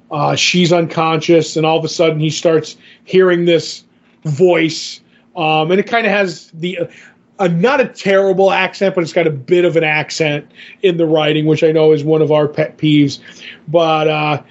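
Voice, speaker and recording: A man recaps a comic's plot for his podcast co-host in a loose, rambling way, his voice sitting a little high. He trips over his words, fills gaps with "uh" and "like", and paraphrases what the characters say. The audio is dull and lo-fi. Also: little pitch movement, normal speed. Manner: rambling, many fillers, paraphrases dialogue.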